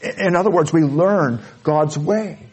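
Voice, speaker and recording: A man preaching a sermon, earnest, dropping to soft low asides and rising to loud high peaks. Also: a little slow, husky. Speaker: pastor.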